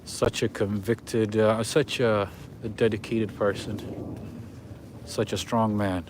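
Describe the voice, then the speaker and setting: A man with a fairly low voice talks casually to his livestream viewers as he strolls a city street at night. He chuckles often and keeps up a loose, friendly commentary, with faint street noise behind him. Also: little pitch movement, slow. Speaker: livestream host. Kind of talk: casual walking livestream chat.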